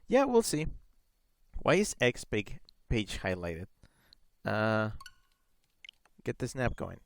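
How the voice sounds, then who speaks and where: A man's voice: on the low side, huge pitch swings, takes it slowly, gravelly, clean tone. A man chatting casually on a live gaming stream, rambling with lots of fillers and reading chat messages aloud.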